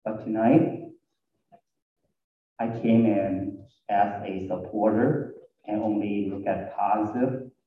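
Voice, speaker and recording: Parent at a forum, man, low-pitched, slow and earnest, echoey hall, tinny far-off mic. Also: slight background noise. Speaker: parent speaking at a school forum. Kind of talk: public comment at a meeting.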